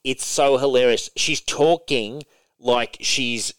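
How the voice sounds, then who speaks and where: A laid-back man chatting on a podcast, chiming in often with quick agreements. His voice sits mid-range and sounds dry and close. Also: mid-range voice, clean tone, no echo. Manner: relaxed, quick agreeing backchannels. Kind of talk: casual chat.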